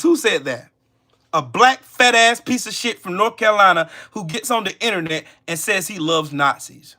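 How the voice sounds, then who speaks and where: High-pitched, forceful ranting man. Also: expressive, moderate pace. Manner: profane, confrontational, shouts at times. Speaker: channel host. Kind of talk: angry livestream rant.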